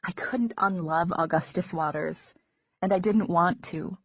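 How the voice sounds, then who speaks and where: A woman narrating an audiobook in a measured, intimate first-person reading. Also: on the low side, breathy edge, no echo. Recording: dull lo-fi recording.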